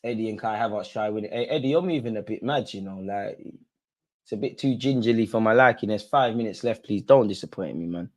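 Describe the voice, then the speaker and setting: Excitable young man. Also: on the low side, a little fast. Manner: excitable, slangy, pleading with players. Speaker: football watch-along host. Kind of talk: live reactive commentary to viewers.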